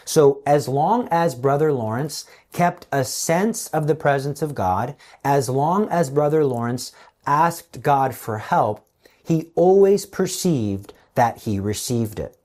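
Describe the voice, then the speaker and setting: A man's voice: medium pitch, animated, slow pace, a little mellow. A man preaching a spiritual talk online, earnest and emphatic, acting out the voices he quotes.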